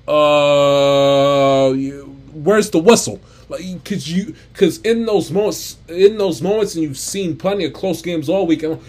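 A man's voice: a little high, a little mellow. A man ranting off the cuff about a basketball game, exasperated and stumbling over restarts and repeats. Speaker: sports commentator. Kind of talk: unscripted basketball rant.

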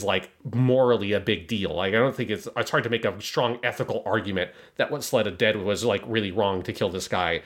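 Low-voiced man discussing anime. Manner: animated, analytical, many fillers. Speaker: podcast co-host.

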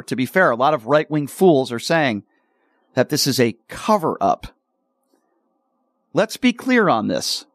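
A man hosting a political talk radio show, speaking combatively and slowing down to stress his points. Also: on the high side, dry recording, studio quality. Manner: combative, slows down for emphasis.

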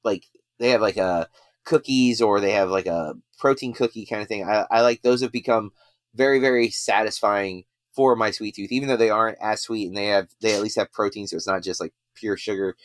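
A man's voice: on the low side, a little fast, no room sound. Rambling male podcast host, dry close sound. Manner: rambling, many fillers and restarts. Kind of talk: casual podcast chat.

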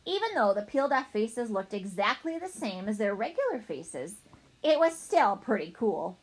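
A woman narrating a children's storybook in a playful, animated way as a young boy narrator. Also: medium pitch, moderate pace, slightly rough, poor audio. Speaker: audiobook narrator.

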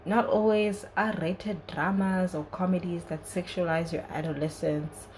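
Chatty, earnest young woman with a lower voice. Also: steady tone, unhurried, darkish tone, a little hiss or hum, poor audio. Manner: chatty and earnest, frequent "like" and "you know". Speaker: podcast host. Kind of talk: casual solo review.

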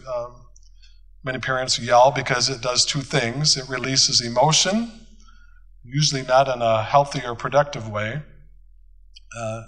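A man's voice: mid-range voice, pushed and bright, rough recording. A man, a pastor, teaching a church conference group in a folksy, storytelling way, acting out bits of dialogue. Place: conference hall.

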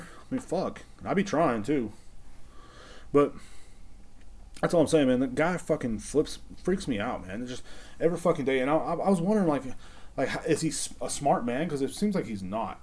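A man's voice: medium pitch, expressive, a little fast, darkish tone. A man hosting a casual solo podcast, rambling and swearing as he talks to himself. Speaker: podcast host.

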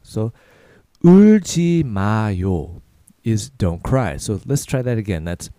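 Guy teaching phrases on a podcast, says em slow then quick, mellow voice, dry close mic. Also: fairly low pitch, sing-song, no room sound. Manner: repeats phrases slowly, then faster. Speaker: podcast host and Korean teacher. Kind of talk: casual language lesson.

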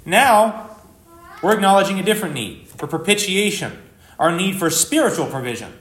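A man preaching a live sermon as pastor, earnest and conversational, with sudden rises in pitch and volume for emphasis. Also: expressive, a little fast, a bit bright. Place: church sanctuary. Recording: echoey church hall.

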